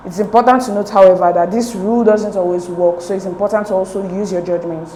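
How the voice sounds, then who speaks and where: Methodical woman tutor, mellow voice. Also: medium pitch, fairly even intonation, quick pace, echoey room, slight background noise, rough recording. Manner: methodical, repeats key points. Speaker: exam prep tutor. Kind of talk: explaining exam questions.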